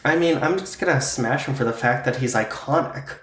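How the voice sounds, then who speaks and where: A podcast co-host from Pittsburgh chats casually and playfully, his talk dotted with ums and likes. The voice sits at a middle pitch for a man. It is recorded in an echoey room. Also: fairly quick, a bit bright. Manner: playful, fillers like um and like. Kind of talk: casual chat.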